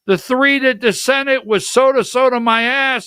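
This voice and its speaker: A man's voice: very high voice, unhurried, pushed and bright, smooth, dry recording, clean studio sound. An older man hosting a political talk livestream, rambling from topic to topic in a chatty way and calling out instructions to his producer as he goes. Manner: chatty, jumps between topics, talks to his producer mid-show. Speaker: political talk show host.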